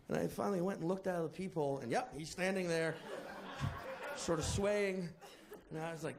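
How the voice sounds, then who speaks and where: A man performing a stand-up comedy routine, telling a story with animated delivery and acting out the people in it. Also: a little high, a little fast, background noise. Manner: animated storytelling, acts out characters, shouts punchlines.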